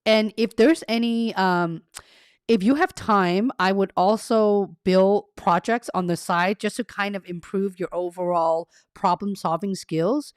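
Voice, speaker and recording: A career coach is hosting a casual livestream, chatting to her viewers in a friendly, rambling way, reading their comments aloud and laughing at herself. Her middle-pitched voice is clean and measured in pace. The recording is close and dry, made in a carpeted home room treated to cut echo.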